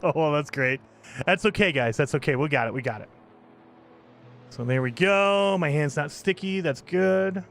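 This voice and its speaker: A man's voice: a little high, fairly bright tone. A man streaming a space survival game, chatting casually with his viewers and laughing often while he plays. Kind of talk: casual live game commentary.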